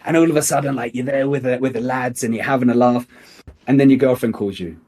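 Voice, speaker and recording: A man's voice: medium pitch, fast, a little mellow. A young man coaching salespeople in an emphatic, motivational way, swearing casually as he teaches.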